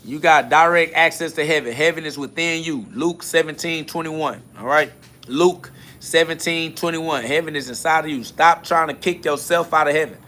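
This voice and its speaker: A man hosts a solo spiritual podcast, answering listener comments in a blunt, confrontational way. His speech is full of profanity and returns again and again to the same catchphrases. His voice sits a little high and sounds bright and forceful. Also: brisk, hardly any pauses, a little hiss or hum. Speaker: podcast host.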